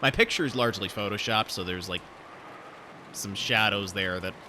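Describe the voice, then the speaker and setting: A man's voice: lowish voice, moderate pace, bright, forceful tone, a little hiss or hum. A man streaming himself reading a visual novel aloud, chatting in a rambling way with lots of fillers. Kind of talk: casual live-stream reading and chat.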